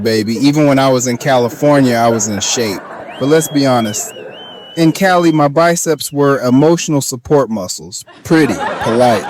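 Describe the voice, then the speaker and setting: A young man doing a stand-up comedy monologue in folksy cowboy talk, often laughing through his punchlines. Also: mid-range voice. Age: young adult. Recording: noisy background.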